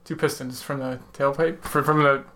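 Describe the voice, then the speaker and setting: A man's voice: medium pitch, fairly even intonation, moderate pace, pushed and bright. A man co-hosting a casual beer-tasting chat, joking and rambling, often trailing off mid-sentence. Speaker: podcast co-host.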